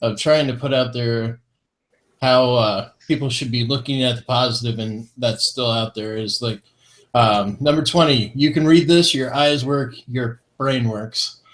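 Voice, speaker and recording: Reading a feel-good list on a laid-back online vaping talk show, this male co-host keeps his mid-range, slightly bright voice steady and his pace measured. He stays upbeat, laughing softly between entries and cracking corny jokes.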